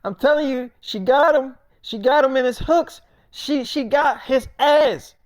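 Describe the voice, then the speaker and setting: A man's voice: extremely high pitch, unhurried, no echo, pitched above the performer's own voice. A man voicing a furious young male rapper who rants with constant profanity during a live stream. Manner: profane shouting rant.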